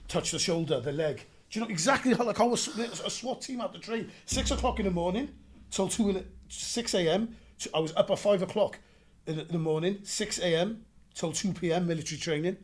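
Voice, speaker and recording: A young adult Welsh man, an actor telling animated stories in a casual interview and acting out gunfire with sound effects. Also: high voice, brisk, husky. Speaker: actor guest.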